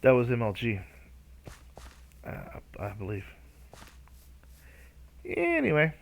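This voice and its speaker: His mid-range voice swoops wildly in pitch, moves slowly, and carries vocal fry. The man hosts a Minecraft let's-play, rambling and hesitant, talking to himself and frequently stalling to hum or scat nonsense syllables.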